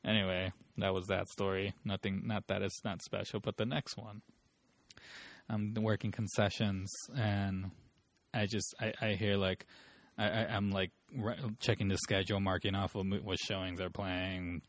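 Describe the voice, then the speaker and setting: A young man telling casual, profane stories in a relaxed chat, laughing as he talks. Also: sits low, moderate pace, dry recording. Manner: loose, profane, laughs through his stories.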